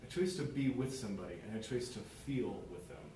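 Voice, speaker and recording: A man with a mid-range voice gives an earnest prepared speech to a small club audience, acting out short example dialogues in an expressive, slightly fast manner. The room is very echoey, the mic is far off, and there is background noise.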